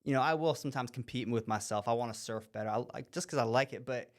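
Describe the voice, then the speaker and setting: A man hosting a podcast, chatting casually, telling stories in an animated way with frequent laughter and asides. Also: mid-range voice, fast. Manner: animated storyteller, laughs often, trails off into asides. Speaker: podcast host. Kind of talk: casual conversation.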